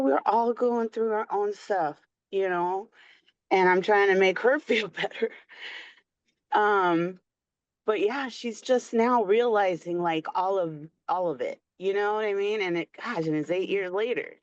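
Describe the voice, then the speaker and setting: A woman's voice: medium pitch, no echo. A woman on a video call telling a personal story in a chatty, candid way, full of "like" and "you know". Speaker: support group participant. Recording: dull, dry audio.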